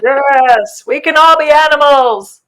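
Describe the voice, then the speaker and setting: A woman's voice: high-pitched, takes it slowly, a bit bright, poor audio. A woman from New York, a contestant on a comedy podcast, giving dry, sardonic one-liners.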